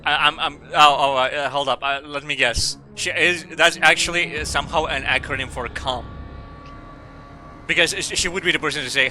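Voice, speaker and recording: A man's voice: fairly high pitch, fairly even intonation, moderate pace, sharp tone, faint music behind. A man streaming a game, reading its dialogue aloud and joking crudely, rambling with lots of fillers.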